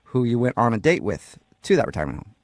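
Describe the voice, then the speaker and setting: A man hosting a morning radio show, rattling off lines quickly with a teasing, playful edge. His voice sits mid-range and sounds close and dry in the studio. He laughs easily between his lines. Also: medium pitch, very animated, no room sound. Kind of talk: morning radio call-in banter.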